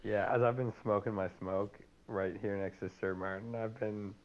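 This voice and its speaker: A man's voice: on the low side, steady tone, moderate pace. A man player describing his character's actions in an easygoing, hesitant way. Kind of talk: casual tabletop game play. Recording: dull lo-fi sound.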